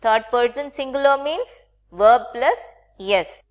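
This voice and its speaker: A woman's voice: fairly high pitch, animated, slow pace. A woman teaching a recorded grammar lesson with Indian English phrasing, patient and checking in often with the class.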